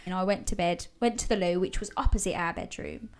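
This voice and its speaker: A woman's voice: lowish voice, brisk, smooth. Woman reading spooky stories. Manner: reads listener stories aloud, swearing, laughing. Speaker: podcast co-host. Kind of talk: casual storytelling chat.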